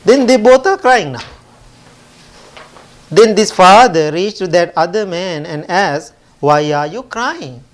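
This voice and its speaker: A man teaching at a temple, telling a parable in a gentle storytelling sermon with simple phrasing. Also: high voice, takes it slowly, long pauses.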